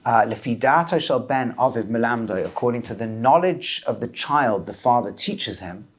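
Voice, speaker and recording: A man teaching a lively class as a rabbi, questioning his students and mixing Hebrew terms into English. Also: mid-range voice, moderate pace, husky. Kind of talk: lively Torah class lecture.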